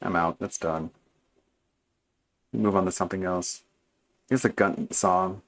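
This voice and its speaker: Annoyed guy with a lowish voice ranting, blunt and sweary. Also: steady tone, unhurried. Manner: blunt, irritated, profane. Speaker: co-host reacting to a stream. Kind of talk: casual rant.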